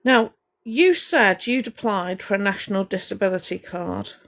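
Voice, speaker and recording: A woman's voice: mid-range voice, moderate pace, creaky, a bit bright. A woman on a livestream, confrontationally scolding someone while greeting viewers by name between points. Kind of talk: ranting livestream monologue to chat.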